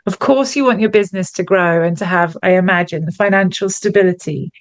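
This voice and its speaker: A woman's voice: on the low side, fairly quick, no room sound. Thoughtful woman podcast co-host. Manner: thoughtful, searching, with many restarts. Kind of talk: reflective conversational chat.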